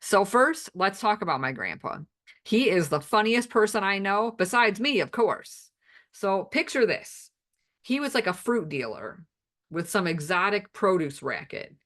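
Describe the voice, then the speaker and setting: A woman's voice: medium pitch, animated, measured pace, a bit bright. A woman with children tells comic family anecdotes in a playful, self-deprecating stand-up style. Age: adult with children. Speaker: amateur comedian.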